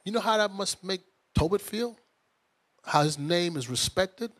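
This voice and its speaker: A man leading a bible study, explaining scripture in lively colloquial talk and acting out the characters. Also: sits high, measured pace. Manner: animated, colloquial, acts out characters in street talk. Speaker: bishop teaching scripture.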